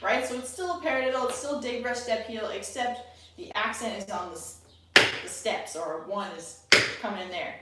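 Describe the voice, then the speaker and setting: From a windowside room at home where birds sing outside, a woman with a fairly high voice leads an online tap class at normal speed, chatting, counting beats and regularly checking in on students. Heavy background noise comes from the echoey room, the distant mic, loud tapping and birdsong.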